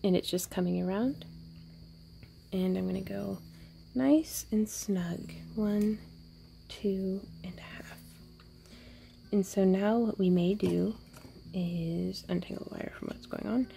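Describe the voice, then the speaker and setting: A woman hosting a wire-wrapping jewelry tutorial, thinking aloud casually as she works, with playful little sound effects and soft asides. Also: medium pitch, a little slow, vocal fry, a little hiss or hum. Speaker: jewelry-making tutorial host. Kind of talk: casual crafting tutorial narration.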